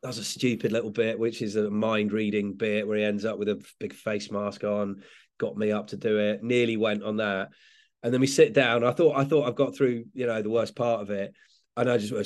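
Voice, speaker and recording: In a brisk, flat delivery with a lowish, darkish voice, an English comedian chats as an interview guest. He keeps restarting and self-correcting as he rambles, laughing frequently.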